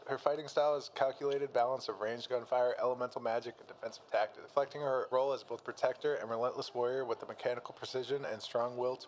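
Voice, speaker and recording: A man's voice: medium pitch, a little hiss or hum, poor audio. A man casually reads battle narration aloud, laughing often and making jokey asides. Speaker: streamer reading a fan-made battle story.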